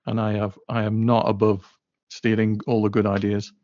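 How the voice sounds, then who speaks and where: A man from Staffordshire chatting as a podcast guest in a relaxed, matter-of-fact way. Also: on the low side, normal speed, no echo, highs cut off. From Staffordshire, England. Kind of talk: casual chat.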